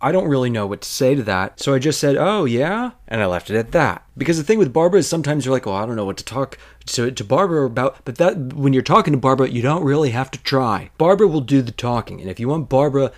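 A man's voice: mid-range voice, lively intonation, fast talker, few pauses. A man hosting a podcast, telling a workplace story in a rambling, digressive way with wry asides. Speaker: podcast host. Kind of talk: storytelling monologue.

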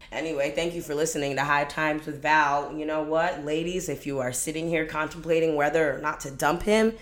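A young woman in her twenties hosting a podcast, telling stories in a casual, profane, animated way that swings between loud and quiet. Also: low-pitched, moderate pace, reverberant. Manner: profane, animated storytelling with dramatic swings in volume. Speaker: podcast host. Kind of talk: casual storytelling monologue.

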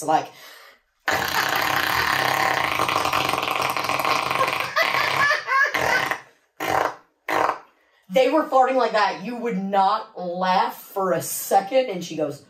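A woman's voice: medium pitch, roomy sound, a little hiss or hum, rough recording. A woman co-hosting a podcast, telling laid-back stories in casual chat and swearing freely. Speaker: podcast co-host.

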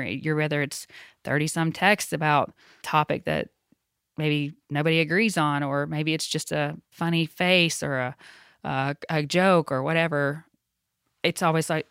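A podcast co-host speaking in an earnest, halting and heartfelt way. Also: mid-range voice, gravelly, a bit bright, smooth, dry recording, clean studio sound. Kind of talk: casual group podcast chat.

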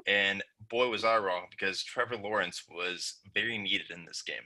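A young man co-hosting a sports podcast, relaxed and wry as he runs through the games. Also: lowish voice, moderate pace, poor audio. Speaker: podcast co-host. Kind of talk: casual sports chat.

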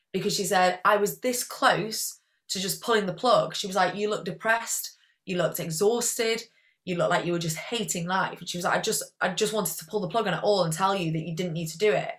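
Chatty young Englishwoman, lowish voice. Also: moderate pace. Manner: chatty, rambling, peppered with "like". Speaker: guest athlete. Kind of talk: casual interview chat.

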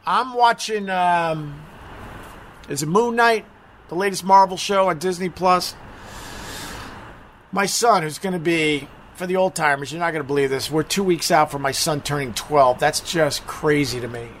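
A man's voice: a little high, normal speed, a bit bright, slight background noise. A middle-aged man chatting casually on a live stream, rambling, mocking himself and swearing freely.

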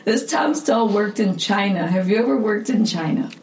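A woman's voice: medium pitch, expressive, normal speed, roomy sound, over a noisy crowd, low-quality recording. A woman hosting a podcast interview, playful and teasing, laughing often. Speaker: podcast host. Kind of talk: casual interview chat.

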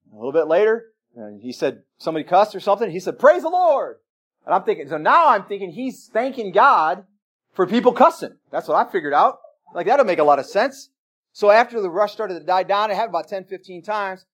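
Emphatic high-voiced preacher. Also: male voice. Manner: emphatic preaching with storytelling, swings between loud exclamations and quiet asides. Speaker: pastor. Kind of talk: sermon.

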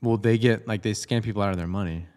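A man's voice: fairly low pitch, quick pace. A young man co-hosting a casual podcast, telling stories with lots of laughter and acted-out voices. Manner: animated storyteller who laughs a lot and acts out voices. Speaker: podcast co-host. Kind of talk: casual chat.

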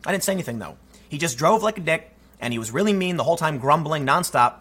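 A man in his thirties hosting his own channel, talking through commentary and telling a story with animated delivery. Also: a little high, fast talker, breathy edge. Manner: animated storytelling, acts out quoted voices. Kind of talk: monologue commentary.

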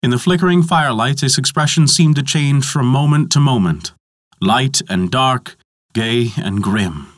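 A man narrating a mythology story in a measured, dramatic storytelling manner. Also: medium pitch, no room sound, clean studio sound.

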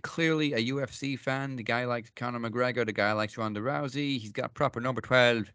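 A man's voice: mid-range voice, fairly even intonation, a little fast, pushed and bright, smooth, no echo. A man co-hosting a podcast who reads out posts and mocks them with a dry, sarcastic manner. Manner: dry, sarcastic reading of comments. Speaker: podcast co-host reading posts. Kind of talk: casual chat.

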